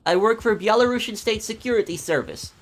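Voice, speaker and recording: A man's voice: high voice, a little fast, pitched above the performer's own voice, close to an everyday voice. A man putting on a Russian accent to voice a stiff, official male state security officer.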